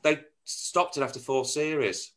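A man's voice: on the high side, measured pace, a bit bright. A man, hosting a chatty, casual interview and laughing easily.

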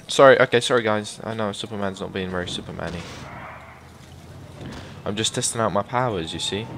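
Excitable man narrating his gameplay, low-voiced. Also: brisk, gravelly, a little hiss or hum. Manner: excitable, swears often, bursts into loud exclamations; rambling, chatty asides to viewers. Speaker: gaming YouTuber. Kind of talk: casual gameplay commentary.

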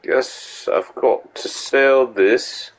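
A man's voice: medium pitch, drawn-out words, low-quality recording. A man streaming a game live, rambling goofily and talking to himself. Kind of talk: live gameplay stream chat.

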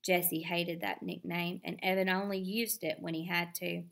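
A woman reading a children's novel aloud with expressive storytelling. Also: on the low side, moderate pace, vocal fry, hardly any pauses. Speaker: reader.

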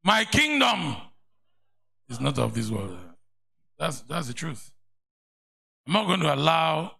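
A man with a Nigerian accent, a pastor preaching a sermon in a church, animated and mocking at times. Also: on the high side, measured pace. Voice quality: gravelly.

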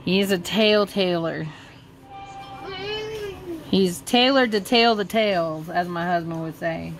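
Slow-talking teasing woman vlogger. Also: fairly low pitch, a little hiss or hum. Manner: teasing, playful. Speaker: vlog host. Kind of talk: casual chat.

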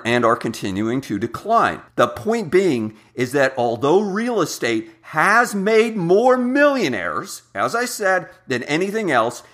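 A man's voice: medium pitch, fairly bright tone. A man hosting a money channel, talking through investment examples in an emphatic, repetitive way. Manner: emphatic, repeats key words, spells out examples. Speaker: finance channel host. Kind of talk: scripted-sounding investing talk to camera.

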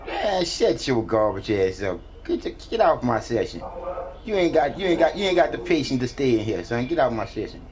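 A man's voice: mid-range voice, expressive, a little fast, darkish tone, a little hiss or hum. A man trash-talking another player during an online game, taunting and mocking with repetitive jeers.

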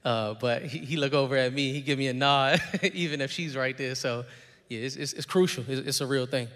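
A man's voice: mid-range voice, brisk, a bit bright. A man, a father, speaking candidly on a church panel about his own father, reflective and full of restarts and fillers. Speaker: panel guest. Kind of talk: personal testimony in a panel. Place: church sanctuary. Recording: long hall reverb.

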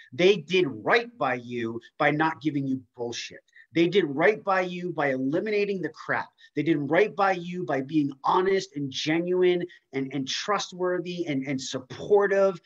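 A man giving a casual, emphatic motivational talk on a community video call, swearing now and then. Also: on the high side. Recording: muffled lo-fi video call audio.

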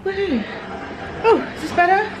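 A woman with a medium-pitched voice and lively intonation talks at a normal pace, chatty and bubbly, to a handheld camera as she walks through busy city streets, laughing often. She's a travel vlogger making a casual vlog, with street noise behind her voice.

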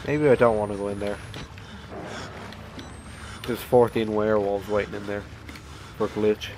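A man doing let's play commentary on a horror game, excitable and swearing, yelping when startled. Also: on the low side, measured pace, noisy background. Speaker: gaming YouTuber. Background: game music.

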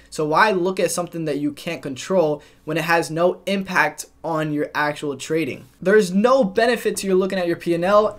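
A young man with a fairly high voice coaches his viewers on trading. He speaks directly and plainly, like a mentor giving advice to camera. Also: fairly bright tone. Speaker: trading educator. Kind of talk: scripted narration.

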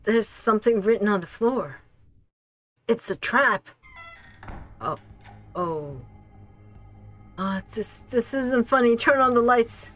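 A woman streaming a game, reacting out loud as she plays, talking to herself and laughing often. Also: fairly high pitch, expressive, takes it slowly, pauses often, soft background music. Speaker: gaming streamer. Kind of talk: casual let's play commentary.

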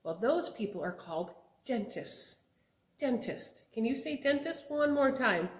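A young woman teaching children job words, asking them to repeat each word in a slow, sing-song way. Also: a little high, lively intonation. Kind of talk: children's vocabulary lesson. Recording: echoey room.

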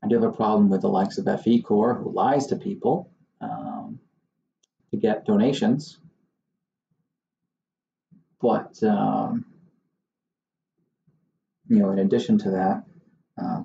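A man's voice: lowish voice, steady tone, measured pace, gravelly, long pauses, warm tone, echoey room, dull audio, a little hiss or hum. A man who hosts his own channel as a surveyor, talking casually to the camera in a wry, exasperated way. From Southern Maine. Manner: wry, exasperated, mocking impressions of others.

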